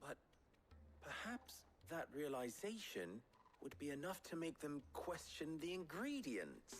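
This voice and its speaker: An actor playing a wise, calm innkeeper in a video game, speaking deliberately and thoughtfully. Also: male voice, on the high side, soft background music. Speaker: game character.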